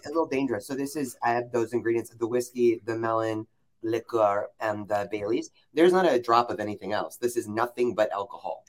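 A woman's voice: rumbling low, fairly quick, rough recording. A woman guest on a podcast in casual chat, playful and gushing, joking often. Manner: playful and gushing, jokes a lot.

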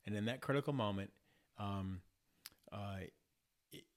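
Reflective low-voiced man on a podcast. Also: measured pace. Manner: reflective, restarts and repeats words, acts out inner voices. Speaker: podcast guest. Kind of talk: casual podcast conversation.

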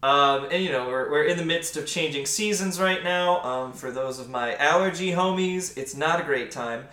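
A man's voice: on the high side, normal speed, pushed and bright. A young man hosting a casual podcast chat, upbeat and rambling with lots of fillers. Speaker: podcast host. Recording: echoey room.

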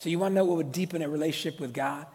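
A middle-aged man preaching a sermon as pastor, lively and conversational, with slang and call-outs to the congregation. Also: fairly high pitch, rapid-fire, slightly rough. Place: church hall. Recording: long hall reverb.

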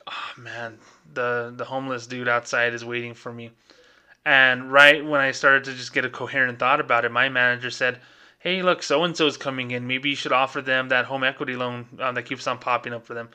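A man's voice: medium pitch, a little fast, clear, resonant tone. A man, a podcast co-host, telling a story in a casual way and acting out the other people's lines as he goes. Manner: animated retelling that acts out quoted dialogue. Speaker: podcast co-host, former bank employee.

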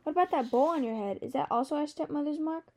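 A curious, methodical young prince, as a woman reads him, inquisitive and careful, with a high, mellow voice. He puzzles things out in a storybook tale. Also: quick pace.

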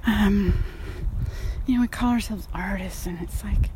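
Here, a female painter strolls outside and chats openly to camera in a relaxed vlog, sighing, cursing casually, and sounding a little winded. She speaks unhurriedly in a warm, mid-range voice, with slight noise in the background.

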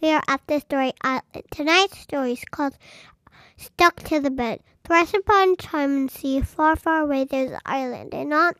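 A man putting on a high, bouncy sing-song voice to open storytime. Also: normal speed, sharp tone, no echo, heavily acted. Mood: playful.

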